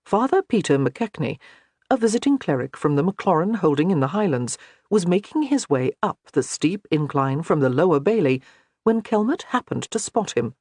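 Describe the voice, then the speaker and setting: A man narrating a historical romance audiobook in an expressive storytelling manner. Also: fairly high pitch, moderate pace, no echo, studio quality. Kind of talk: scripted narration.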